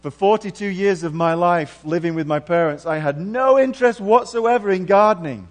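A middle-aged man preaching a sermon earnestly, moving between hushed and emphatic passages. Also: sits high, moderate pace. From England.

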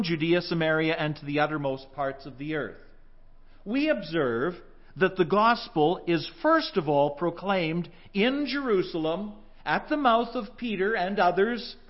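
A man preaching a sermon, telling stories with animation and acting out the voices he quotes. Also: a little high. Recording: dull lo-fi recording.

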